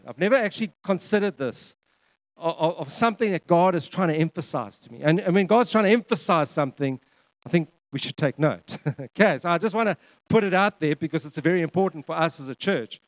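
Higher-voiced man preaching a sermon. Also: dry recording. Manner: repeats words for emphasis, frequent restarts. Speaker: pastor.

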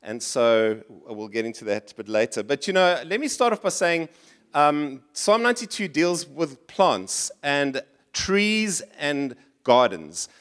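A man's voice: fairly high pitch, very animated, unhurried, a bit bright. A middle-aged man, preaching a sermon in church in a conversational style, often restarting and going off on asides. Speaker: pastor.

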